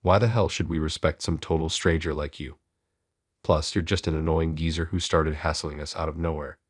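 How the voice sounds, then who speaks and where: A man's voice: rumbling low, flat delivery, moderate pace, breathy edge, no room sound, clean studio sound. A man reading taunting young thugs. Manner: taunting, insulting. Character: three rude young male thugs.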